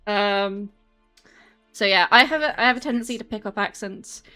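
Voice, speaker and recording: A woman's voice: medium pitch, moderate pace, sharp tone, clean tone, faint music behind. An English woman streaming, chatting in a rambling, casual way to her viewers while walking on a treadmill. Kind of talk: casual livestream chat. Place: home, on a treadmill.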